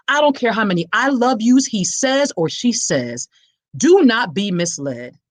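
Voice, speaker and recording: This live-streamed awareness talk features a podcast host and survivor advocate passionately preaching to her listeners and reading comments. Her voice is on the low side, and the recording has no room sound.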